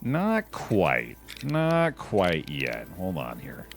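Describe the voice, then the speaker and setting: A young man casually commenting on a card game on a live stream, chatty and relaxed, calling his chat dude and bud. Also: low voice, drawn-out words.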